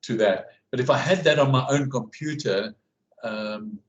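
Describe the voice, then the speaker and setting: A man in a casual video-call conversation, talking in a halting way with many fillers and restarts about running his classes. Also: mid-range voice, dull audio. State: hiccuping. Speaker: class guide and researcher.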